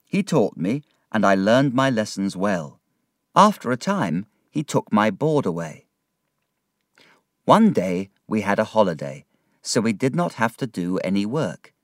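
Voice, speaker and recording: A man narrating a storybook in a slow, clear, expressive reading. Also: on the low side, dry recording, clean studio sound. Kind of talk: storybook narration read aloud.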